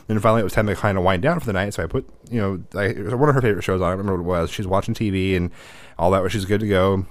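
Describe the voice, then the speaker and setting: A man's voice: low voice, very fast. A man in his thirties chatting casually on a podcast, telling a rambling, profane story.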